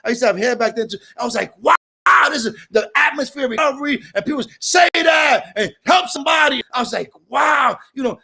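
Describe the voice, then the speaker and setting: A middle-aged man from Brooklyn with a New York accent, sharing at a recovery meeting in a casual, animated way that bursts into shouts. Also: very high voice, brisk, creaky, hardly any pauses, husky.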